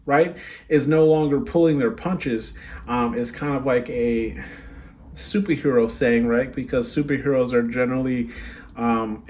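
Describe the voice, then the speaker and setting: A man in his younger years talks through a card reading in an easygoing, rambling way. His voice sits at an ordinary middle pitch. He keeps tagging his sentences with "right?" and "okay?" as he goes. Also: a little mellow. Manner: chatty, frequent "right?" and "okay?" check-ins. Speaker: tarot card reader. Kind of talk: casual spoken card reading.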